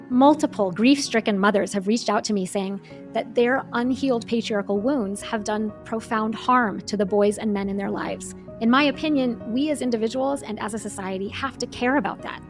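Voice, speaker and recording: A woman speaking in a calm, measured and earnest way, reading a prepared monologue as a podcast host. Her voice sits a little high, and faint music plays softly beneath her. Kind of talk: scripted monologue.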